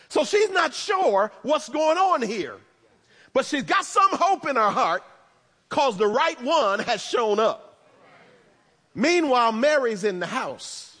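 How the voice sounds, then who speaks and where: A man preaching a sermon as pastor, in a conversational style with humorous asides, swinging between loud emphasis and hushed tones. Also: very high-pitched, breathy edge. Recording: long reverb of a large hall.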